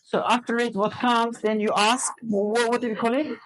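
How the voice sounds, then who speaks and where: A woman's voice: fairly high pitch, level tone, normal speed, low-quality recording. A woman teacher trainer running a classroom lesson, drilling students with questions and counting out word stress. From Azerbaijan.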